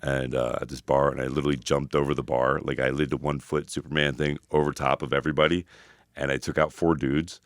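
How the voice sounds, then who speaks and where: A man co-hosting a podcast, telling rambling, animated stories full of filler words. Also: rumbling low, fast, dry recording, studio quality. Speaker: podcast co-host. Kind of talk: casual storytelling chat.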